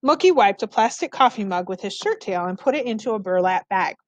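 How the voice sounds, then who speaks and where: A woman's voice: medium pitch, expressive, fairly quick, no room sound, lo-fi sound. A woman reading a children's novel aloud, narrating expressively in the first person. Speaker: storybook reader.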